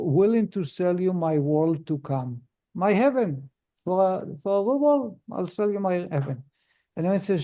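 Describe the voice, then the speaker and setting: Mellow-voiced rabbi telling a story. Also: male voice, high voice. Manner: acts out characters in the story, with frequent restarts and filler words. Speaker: rabbi teaching a Torah lesson. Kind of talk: storytelling in a lesson.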